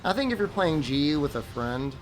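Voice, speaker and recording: A man's voice: fairly high pitch, very animated, fairly quick, over music. A tired, sleepy man chatting loosely as he streams a game, rambling with lots of filler words. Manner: rambling, loose, full of "like" and "I mean". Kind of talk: casual stream chat while gaming.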